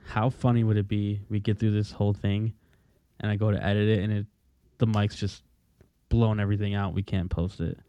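A man's voice: on the low side, level tone, fairly quick, mellow, clear, resonant tone, no room sound, dull audio. A man co-hosting a casual podcast from home, joking around and swearing freely. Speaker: podcast co-host. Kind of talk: casual chat. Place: home room. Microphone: home podcast mic.

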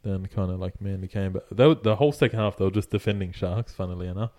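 A man's voice: sits low, fast, a little mellow. A young Australian man co-hosting a sports podcast, chatty as he runs through team news. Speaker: podcast co-host. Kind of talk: casual sports chat.

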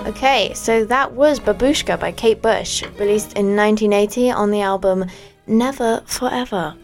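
A woman's voice: medium pitch, normal speed, soft background music. A teenage girl from Australia co-hosting a casual breakfast radio show, playful and self-mocking with frequent giggles.

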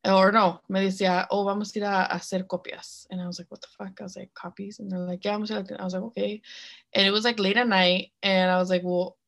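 A woman's voice: medium pitch, little pitch movement, quick pace, vocal fry, fairly bright tone. A woman telling a personal story on a podcast, frank and blunt, swearing freely and full of fillers. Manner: mixes in other-language phrases mid-sentence. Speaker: podcast co-host.

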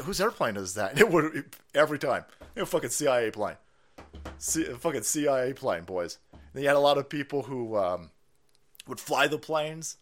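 A man hosting a stream, ranting in a foul-mouthed, mocking way, often laughing and jumping up in pitch when excited. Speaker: streamer and host. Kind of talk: profane ranting commentary stream.

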